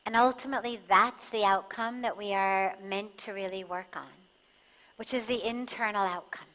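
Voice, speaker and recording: A woman giving a spiritual talk, calm and measured, pausing for emphasis as she tells a story. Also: mid-range voice. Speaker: spiritual teacher. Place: large satsang hall. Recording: long hall reverb.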